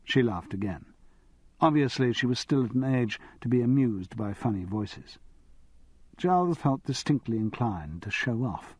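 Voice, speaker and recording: A man narrating an audiobook in an expressive storytelling manner. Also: medium pitch, measured pace, breathy edge, no echo. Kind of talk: scripted narration.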